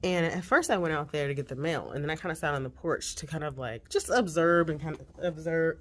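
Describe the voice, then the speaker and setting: A woman chatting casually at home as a vlogger and mother, animated and quick to laugh. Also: low-pitched. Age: 40s. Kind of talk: casual chat.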